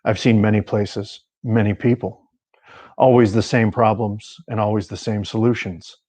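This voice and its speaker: An ancient warlock, read by a man in his own voice, calm and measured. His voice sounds deep and clear, with an unhurried delivery. It is a dry, close recording. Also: no room sound, close to an everyday voice. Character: ancient male warlock posing as a folksy handyman. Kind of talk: audiobook reading.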